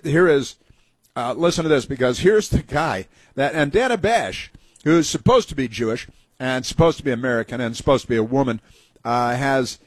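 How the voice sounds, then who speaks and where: A man's voice: medium pitch, slightly rough, dry recording. A man hosting a talk show, delivering a sarcastic, indignant monologue with mocking asides. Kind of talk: opinionated talk radio monologue.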